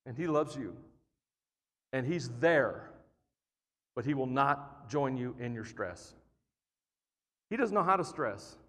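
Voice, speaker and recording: A man preaching a sermon as pastor, playful and joking, building to energetic emphasis. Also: mid-range voice, takes it slowly, long pauses. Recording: long reverb of a large hall.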